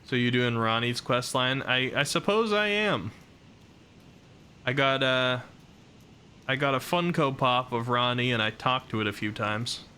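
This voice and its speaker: A man with a bright, forceful voice talks through his live gameplay stream, reacting to each new thing on screen and replying to viewers' messages. A faint bed of background noise sits under his voice. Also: mid-range voice, fairly even intonation, moderate pace. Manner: chatty, reacts aloud and answers chat.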